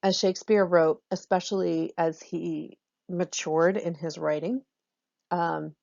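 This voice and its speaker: A woman teacher giving a recorded lesson on Shakespeare's meter, explaining in a relaxed way with frequent ums. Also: on the low side, slow pace, gravelly, no echo, lo-fi sound.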